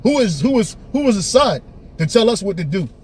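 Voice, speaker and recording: A man teaching and preaching in a forceful, emphatic way, often tagging his lines with "man" and restarting phrases. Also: high voice, very animated, fairly quick, a little hiss or hum. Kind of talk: preaching street-style commentary.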